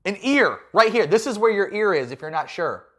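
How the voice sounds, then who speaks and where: A man's voice: high voice, sing-song, fairly quick, background noise. A man giving a playful, jokey youth talk as a youth pastor.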